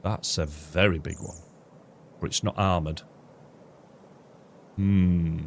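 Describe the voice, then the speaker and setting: A man streaming a shooter game live, rambling and thinking out loud, chatting to his viewers with jokey asides and casual swearing. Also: sits low, steady tone, slow pace, creaky, slight background noise. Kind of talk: live gameplay commentary.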